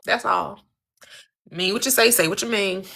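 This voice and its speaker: A woman's voice: medium pitch, moderate pace, pushed and bright. A woman giving a spiritual teaching in an emphatic, preacherly cadence, repeating phrases and asking rhetorical questions.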